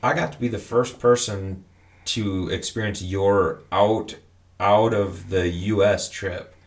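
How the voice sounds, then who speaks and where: Speaking slowly in a lowish, steady voice, a man who has just become a father tells stories with animation in a casual chat, letting the occasional swear word slip.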